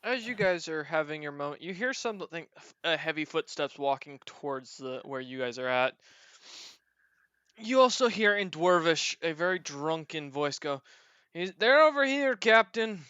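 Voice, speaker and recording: A man narrating as game master of a tabletop game, relaxed with frequent fillers. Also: a little high, normal speed, smooth, no room sound, lo-fi sound.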